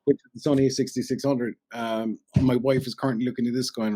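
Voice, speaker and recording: A man's voice: medium pitch, flat delivery, a little fast, warm tone, no room sound. A man with a Cork Irish accent, a radio presenter telling stories in a rambling, chatty way as a podcast guest. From Ireland. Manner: chatty storyteller, rambling with many "you know"s. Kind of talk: casual podcast chat.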